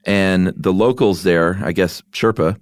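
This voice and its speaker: A man with a very low, deep voice co-hosts a podcast in loose, casual chat. He jokes at his own expense while telling stories, and his voice sounds close and dry, with no room around it. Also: a little slow, dry recording. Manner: joking, self-deprecating, slips into silly voices. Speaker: podcast co-host.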